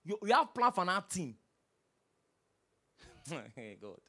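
A man with a Nigerian accent, a pastor preaching a sermon, lively and humorous, asking the congregation question after question. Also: high-pitched, slow, husky. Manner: animated preaching with humor and repeated rhetorical questions.

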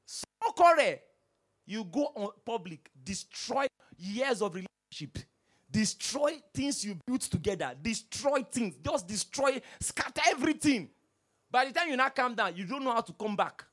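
Lively pastor preaching. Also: medium pitch, normal speed. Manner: preachy, rhetorical questions, swings from hushed to shouting. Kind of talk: sermon.

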